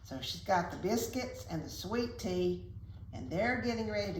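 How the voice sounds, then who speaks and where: A woman reading a picture book aloud to children, with gentle, chatty asides. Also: medium pitch, expressive, moderate pace. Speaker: children's story reader. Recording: echoey room, faint hiss.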